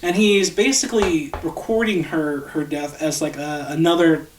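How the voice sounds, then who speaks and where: A man's voice: fairly high pitch, steady tone, moderate pace, reverberant, a little hiss or hum. A man co-hosting a podcast, recapping a film scene by scene in casual chat, acting out the characters' lines and swearing freely. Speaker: podcast co-host.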